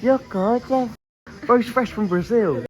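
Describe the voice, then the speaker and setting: A young woman vlogging at an exotic bird venue, talking in excitable slang and giggling often. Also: a little high, takes it slowly. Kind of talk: casual chat.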